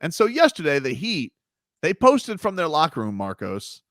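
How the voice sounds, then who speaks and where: A man hosting sports talk radio, talking in an animated, rambling, emphatic way on a studio mic. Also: a little high, moderate pace, no echo.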